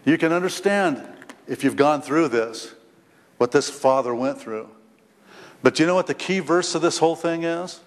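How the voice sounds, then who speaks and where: A man's voice: a little high, animated, normal speed. A middle-aged man preaching a sermon as a pastor, emotional, with stammered repetitions and a voice that climbs when he speaks as the prodigal son. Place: church stage. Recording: long hall reverb, faint noise.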